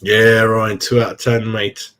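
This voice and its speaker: A man's voice: fairly low pitch, flat delivery, unhurried, a bit bright. A middle-aged man chatting casually on a live fan stream, calling everyone "mate" as he goes. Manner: chatty, says "mate" a lot. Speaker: fan channel host.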